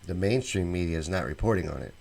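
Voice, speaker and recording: A man's voice: deep voice, fast, vocal fry, darkish tone. Chatty man reading out chat comments. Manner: chatty, reads viewer comments aloud and reacts with opinions. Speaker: show host reading live chat. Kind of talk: casual live-stream chat.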